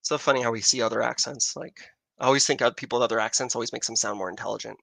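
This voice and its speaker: American man, livestream host, rambling casual chat, gravelly, dry close sound. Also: medium pitch, steady tone, rapid-fire, fairly bright tone, no echo. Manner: chatty, rambling, answers viewer questions. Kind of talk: casual live-stream chat. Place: outdoors in Arizona with a telescope.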